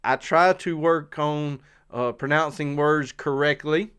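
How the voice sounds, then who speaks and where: A man's voice: a little high, unhurried, a bit bright, clear, resonant tone. A middle-aged man with a Southern US accent, chatting casually to viewers on a live stream and rambling with lots of fillers and restarts. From South Carolina. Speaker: outdoor channel host. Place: outdoors.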